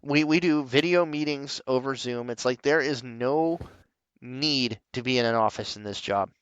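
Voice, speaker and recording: A man chatting on a podcast, telling stories with a lot of swearing and quick voice switches for the people he quotes. His voice is smooth and clear, with a dry, close sound and no room echo. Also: medium pitch, muffled recording. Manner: profane, animated storyteller who acts out quoted people. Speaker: podcast host. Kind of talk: casual podcast chat.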